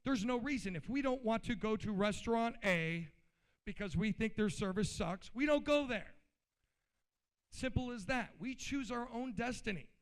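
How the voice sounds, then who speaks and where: A man's voice: high-pitched, clear, resonant tone. A man giving an informal, blunt political speech at a convention, riled up and colloquial. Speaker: convention speaker. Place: convention hall.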